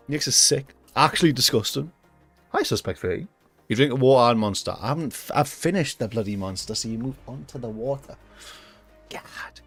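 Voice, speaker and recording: A man's voice: medium pitch, expressive, moderate pace, no room sound. A young man ranting and joking casually to his chat during a gaming livestream. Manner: jokey, ranting, reacts to chat, swears casually.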